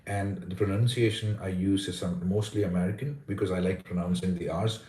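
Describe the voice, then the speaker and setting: A man's voice: low voice, steady tone, brisk, mellow, reverberant, recorded from a distance. A man with an Indian accent hosting a casual live Q&A on English pronunciation, reading out viewer comments and answering with frequent restarts and repeated words. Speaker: livestream host teaching English pronunciation.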